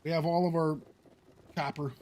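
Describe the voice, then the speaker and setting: A man's voice: fairly high pitch, little pitch movement, moderate pace, a little mellow. A man streaming a survival game, chatting casually to his viewers and thinking aloud about his next moves. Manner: thinking aloud, talking to chat. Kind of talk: casual gameplay commentary.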